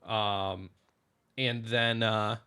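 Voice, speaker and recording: A man's voice: lowish voice, little pitch movement, very slow, sharp tone, smooth. A man co-hosting a podcast in casual chat, reading out food trivia and stumbling over foreign names. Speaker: podcast co-host.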